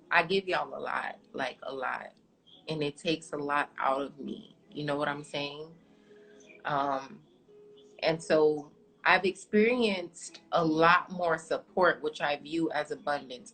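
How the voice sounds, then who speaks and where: A woman's voice: low voice, fairly bright tone, rough recording. A woman in her twenties, an astrologer talking openly and confidingly to her live-stream viewers, calling them "y'all". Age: 20s.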